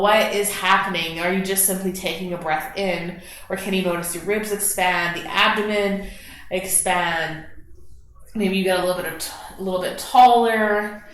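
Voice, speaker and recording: A woman leading a gentle yoga class, slowly and softly talking students through breathing and stretches. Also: lowish voice, slight background noise. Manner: soft, slow guiding cues with gentle encouragement. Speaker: yoga instructor. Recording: very echoey room.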